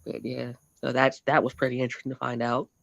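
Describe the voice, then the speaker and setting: A man's voice: mid-range voice, monotone, fast, vocal fry, fairly bright tone, no echo. A man telling his family history as a guest in a casual interview, rambling and often correcting himself mid-sentence.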